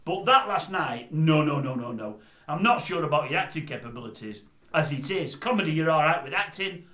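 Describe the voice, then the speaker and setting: A man's voice: on the high side, very animated, brisk, pushed and bright, echoey room. An older man with a Northern English accent, ranting bluntly and scornfully to camera as a vlogger. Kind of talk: grumpy rant to camera.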